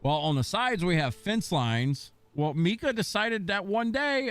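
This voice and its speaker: A man's voice: high-pitched, sing-song, a little slow, few pauses, fairly bright tone, dry recording. A man streaming a game, chatting casually and telling a long story in a rambling way, swearing now and then. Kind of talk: casual chat while gaming.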